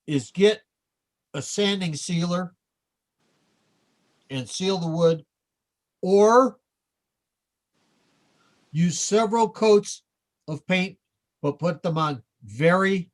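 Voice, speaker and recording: Slow-talking man, halting speech. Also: high voice. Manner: halting, many restarts. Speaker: guest, model kit maker. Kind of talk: casual group chat on a video call.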